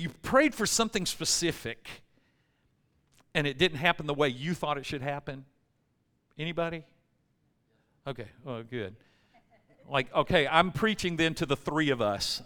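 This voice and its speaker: Through a loud amplified mic in a church sanctuary comes a pastor's high-leaning, smooth, pushed and bright voice, lively in intonation and moderate in pace. He preaches casually and jokingly, acting out prayers and using fillers.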